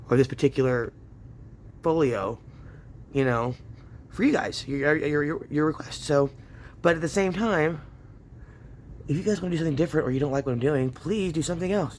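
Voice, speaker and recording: Slight background noise sits behind a man whose voice is on the high side. As a craft channel host giving a casual tutorial at home, he's chatty, laughs frequently, and talks to himself as he crafts.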